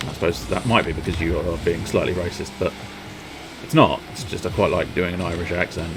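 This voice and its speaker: A man giving live gameplay commentary, excitable, sweary and self-mocking, with sudden yelps. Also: sits low, fairly quick, background noise. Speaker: streamer.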